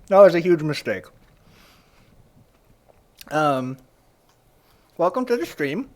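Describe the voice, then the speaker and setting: Animated, jokey male streamer. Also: a little high, slow. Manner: rambling, jokey, repeats himself. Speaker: live streamer. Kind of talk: casual live-stream chat.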